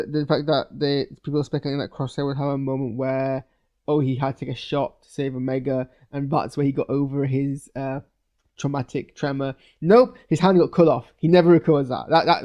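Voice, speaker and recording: A man giving a loose, hesitant live reaction to a TV episode, full of fillers and restarts, with sudden bursts of excitement. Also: fairly high pitch. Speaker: video reviewer. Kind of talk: live post-watch reaction.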